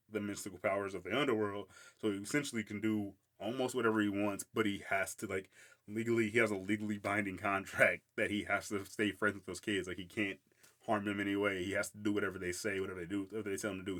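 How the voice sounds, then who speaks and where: Casual podcast host, male, lower register, talks fast and loose. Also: fairly bright tone. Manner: rambling, lots of "like", laughs often. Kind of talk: casual solo commentary.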